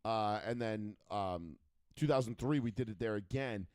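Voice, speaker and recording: A man's voice: fairly low pitch, normal speed, darkish tone, smooth, dry recording, clean studio sound. A man in his thirties co-hosting a call-in sports chat show, telling rambling stories full of fillers and swearing. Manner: profane, rambling storyteller with many fillers. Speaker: radio show co-host.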